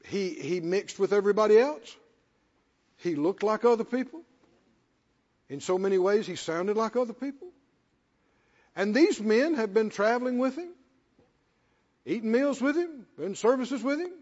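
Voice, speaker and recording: Through a long hall echo and dull, lo-fi sound, a preacher with a very high voice speaks at a moderate pace with frequent pauses. His sermon is lively and swooping, plain and folksy, repeating points for emphasis.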